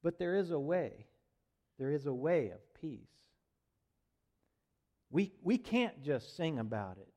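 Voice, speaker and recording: Slow, higher-voiced male preacher. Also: sing-song. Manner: dramatic swings from loud proclaiming to hushed tenderness. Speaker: pastor. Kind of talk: sermon.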